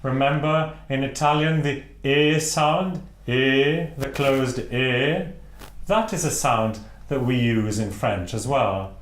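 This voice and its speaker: A man from Wales gives a singing lesson in a slow, unhurried voice, shaping each word with care. He stops to sing out vowel sounds as examples. The room around him rings with a noticeable echo. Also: medium pitch. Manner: demonstrates vowel sounds aloud. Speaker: singing teacher. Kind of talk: instructional talk to camera.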